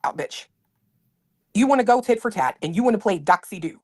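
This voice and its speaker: A woman's voice: mid-range voice, lively intonation, brisk, darkish tone, no echo. Woman streamer, combative and foul-mouthed, dry close sound. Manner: confrontational, profane. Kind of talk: angry livestream callout.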